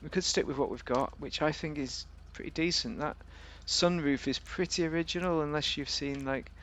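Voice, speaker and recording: A man's voice: fairly high pitch, moderate pace, a bit bright. A man giving a casual, rambling, jokey commentary while reviewing a car in a video game.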